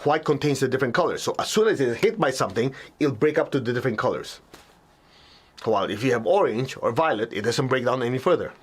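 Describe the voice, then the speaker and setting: A man giving a spiritual teaching talk as a meditation teacher, talking conversationally, often checking in with listeners and acting out reactions with sudden high yelps. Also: animated, fast talker, breathy edge.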